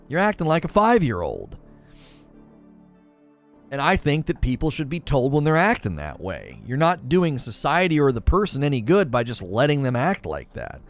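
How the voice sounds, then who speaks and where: Lively, animated man with a high-set voice. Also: moderate pace, faint music behind. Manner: animated, emphatic opinion rant. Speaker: talk show host. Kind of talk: live gaming talk show chat.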